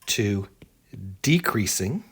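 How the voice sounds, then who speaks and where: A man's voice: on the low side, expressive, very slow, slightly rough. A man teaching an exam-prep calculus lesson, thinking aloud as he works through the problem and often checking in with "right?". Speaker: math teacher.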